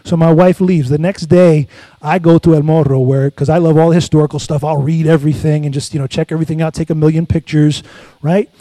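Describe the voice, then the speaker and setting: A middle-aged pastor preaches in a high, light man's voice, pausing to draw amens from the congregation. The sound is close and dry, with no room echo. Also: little pitch movement, mellow. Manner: call-and-response preaching, asks congregation for amens. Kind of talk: sermon with personal stories.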